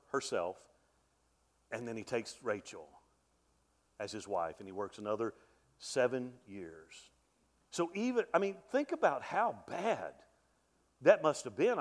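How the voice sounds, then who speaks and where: A middle-aged pastor preaching a sermon, with animated delivery that swells and drops to a hush, often repeating words as he restarts. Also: medium pitch.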